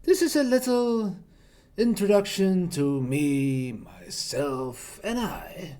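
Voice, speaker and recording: A man with a high-pitched voice gives a casual self-introduction. He talks at an unhurried, slow pace, and his phrasing is halting and loose as he feels his way through each sentence. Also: sing-song, dark tone. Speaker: streamer and hobby voice actor.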